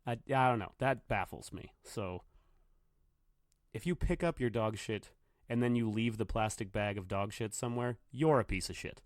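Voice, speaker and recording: A man's voice: fairly low pitch, normal speed, no room sound, studio quality. A man hosting a solo podcast, rambling through stories and swearing freely. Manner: profane, rambling storyteller. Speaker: podcast host, bartender. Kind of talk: casual solo podcast monologue. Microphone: computer microphone.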